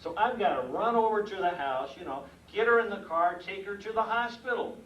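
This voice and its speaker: A man's voice: high-pitched, brisk, dull audio, slight background noise. Older man telling a comic story. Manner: animated, acts out sounds, chuckles at own jokes. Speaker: mailman giving a speech. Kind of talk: humorous storytelling speech. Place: meeting room with audience. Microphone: far room mic. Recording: echoey room from far off.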